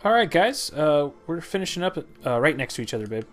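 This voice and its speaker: A man's voice: a little high, brisk, soft background music. Easygoing man narrating gameplay. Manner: relaxed, explains to viewers with many fillers. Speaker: gaming video host. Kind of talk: casual gameplay commentary.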